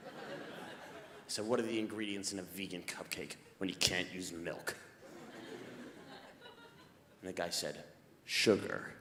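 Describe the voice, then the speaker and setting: A man doing a stand-up comedy set on stage, telling a story and building to shouted punchlines. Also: low-pitched, steady tone, measured pace, pauses often. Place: comedy stage before a live audience. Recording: echoey hall with crowd noise.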